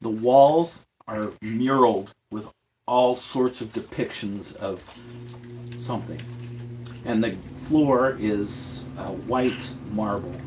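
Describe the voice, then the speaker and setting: Halting man narrating as game master. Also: fairly low pitch, a little mellow. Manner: halting, self-correcting description. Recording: distant mic, faint background noise.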